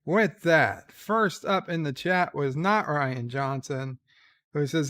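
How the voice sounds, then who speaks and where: A man hosting a casual live stream from bed, reading out chat messages in a slow, halting way with dry, irreverent remarks. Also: fairly high pitch, fairly bright tone. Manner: slow, halting, with many pauses and fillers; wry and irreverent. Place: lying in a bed.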